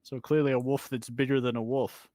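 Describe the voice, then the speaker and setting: A man's voice: medium pitch, little pitch movement, a little fast, mellow, dry recording. A man plays at a tabletop game and works through his reasoning aloud. His voice sits mid-range, recorded dry with no room sound. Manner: reasoning, explanatory. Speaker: player. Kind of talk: casual tabletop game chat.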